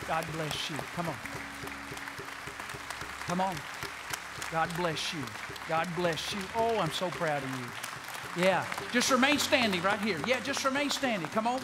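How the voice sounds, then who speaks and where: A man preaching an altar call to a large church, pleading, repeating words, and swinging from loud appeals to hushed tones. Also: high voice. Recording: long church hall reverb.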